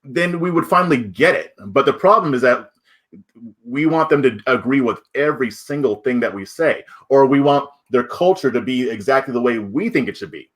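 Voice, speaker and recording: A man's voice: medium pitch, animated, normal speed, a bit bright. A man co-hosting a podcast, making a political argument in casual talk with rhetorical questions. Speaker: podcast co-host.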